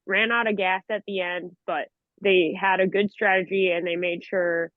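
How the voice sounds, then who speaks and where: A woman breaks down a football match with knowledge and enthusiasm in an even, considered manner. She joins over a remote call, so the audio is thin and tinny, with a dry sound. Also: lowish voice, moderate pace, no room sound. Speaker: podcast co-host. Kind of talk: casual sports analysis.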